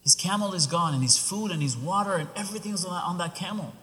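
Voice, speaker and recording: A man preaching a sermon, telling a story with animated, rising exclamations. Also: high-pitched, fast talker. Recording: long reverb of a large hall.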